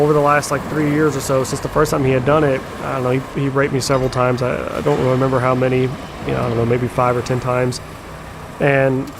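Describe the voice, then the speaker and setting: A young man talks through a personal account in a flat, even voice that stays level. He stumbles, repeats words and swears as he goes, while a clear engine hum runs under him. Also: mid-range voice. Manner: halting, repeats words, frequent fillers and swearing. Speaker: storyteller sharing a personal account. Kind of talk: candid personal storytelling. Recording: clear background engine noise.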